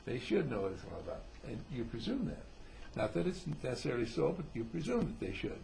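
Gravelly, animated man giving a talk. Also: medium pitch, fast talker, slight background noise. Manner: animated, acts out quotes in voices. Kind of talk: informal lecture on behaviour.

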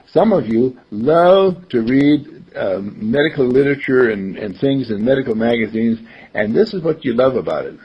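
An older man giving a conversational talk, telling stories and acting out the people in them, chuckling often. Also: mid-range voice. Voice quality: husky, gravelly. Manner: storytelling, acts out quoted voices, chuckles often. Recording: dull lo-fi recording.

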